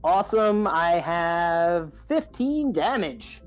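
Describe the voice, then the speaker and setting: A man playing in a tabletop game, calmly calling out his dice rolls. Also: sits high, faint music behind. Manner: unhurried, calls out dice rolls. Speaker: player. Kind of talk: casual tabletop play.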